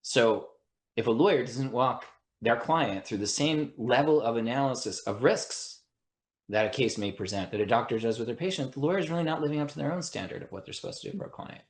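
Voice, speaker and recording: A man's voice: medium pitch, expressive, brisk, reverberant. A man, an attorney and mediator, speaking as a podcast guest. He explains his ideas earnestly, often checking in with "right?" and restarting his sentences. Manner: earnest, breaks thoughts with frequent "right?" and restarts. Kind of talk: explanatory interview conversation.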